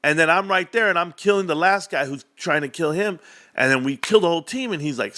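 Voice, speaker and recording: Here a fairly high-voiced man speaks briskly, hosting a casual livestream chat with no echo in the sound. Telling stories with animation, he performs the quoted voices of the people involved.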